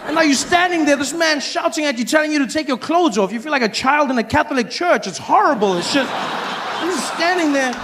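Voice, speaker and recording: A stand-up comedian with a fairly high voice tells his stories in an animated, lively way. He keeps slipping into acted-out voices, and faint noise hums underneath. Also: a little fast, crowd noise.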